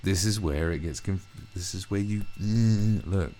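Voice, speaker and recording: A man's voice: low voice, a little slow, warm tone, a little hiss or hum. A man ranting through a commentary video, swearing heavily and often restarting his sentences. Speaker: commentary vlogger.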